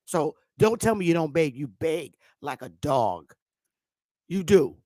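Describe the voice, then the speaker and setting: A woman's voice: low-pitched, big pitch swings, slow pace, warm tone, dry recording. Blunt, profane woman ranting on a livestream. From United States. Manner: greets viewers by name. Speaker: YouTube livestream host. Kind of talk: heated livestream rant.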